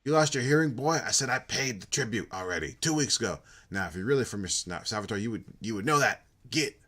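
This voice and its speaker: A man's voice: deep voice, lively intonation, quick pace, bright, forceful tone, heavily acted. A man voicing a stubborn, irritable old shopkeeper who snaps at a debt collector. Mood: indignant. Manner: snapping, indignant.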